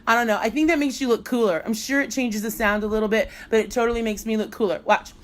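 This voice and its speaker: In a fast, steady, fairly high voice, a middle-aged woman who teaches music and blogs gives a casual live online demo. She keeps things chatty and playful, laughing often.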